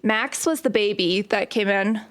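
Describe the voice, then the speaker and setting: A young woman plays a game on stream while chatting casually and telling stories. Her voice is medium-pitched and her pace measured.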